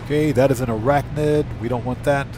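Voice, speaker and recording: A man streaming a video game live, chatting casually, reading viewers' messages aloud and thanking them, with his voice going hoarse. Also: mid-range voice, steady tone, fairly quick, music in the background. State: losing his voice. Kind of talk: casual live gameplay chat.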